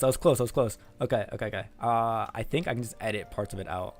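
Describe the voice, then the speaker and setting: A man's voice: on the low side, quick pace, hardly any pauses, soft background music. A man streaming live, chatting casually with his chat and translating manga. He laughs often, swears, and calls people "dog" and "man.".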